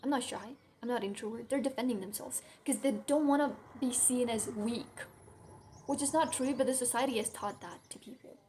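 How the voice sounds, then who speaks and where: Young adult woman, vlogger, higher voice, blunt and sweary, casual venting, faint background hiss. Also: moderate pace, warm tone. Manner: blunt, swears a lot, heavy use of "like".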